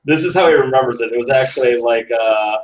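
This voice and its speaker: A man's voice: mid-range voice, quick pace. A man on a casual gaming podcast making wry, dry jokes. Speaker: podcast co-host.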